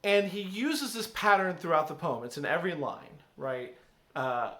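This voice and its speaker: Reading a poem to his class and then explaining it in a casual way, this male English teacher keeps asking "right?" His slightly high, bright voice moves at normal speed with a forceful tone. The recording has slight background noise and a roomy echo.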